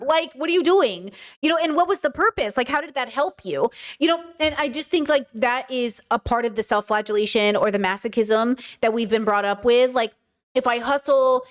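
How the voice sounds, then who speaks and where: A woman giving reaction commentary, chatty and direct as she lectures her viewers. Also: a little high. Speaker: commentary vlogger.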